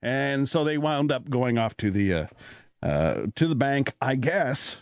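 Canadian male host, chatty storyteller, lively pitch, dry sound. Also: unhurried, no echo. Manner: rambling, animated, laughs often, many fillers. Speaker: radio talk show host. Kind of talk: casual storytelling chat.

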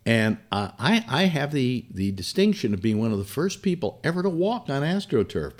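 A man's voice: fairly low pitch, a little mellow. An older man, a former radio personality, telling rambling stories about his career in a casual monologue with lots of fillers and colorful asides. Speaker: former radio host reminiscing.

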